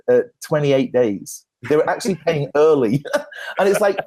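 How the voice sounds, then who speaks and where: A man, a branding expert guest at a conference Q&A, telling lively anecdotes with self-deprecating humor and frequent restarts. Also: on the high side, normal speed. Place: conference stage.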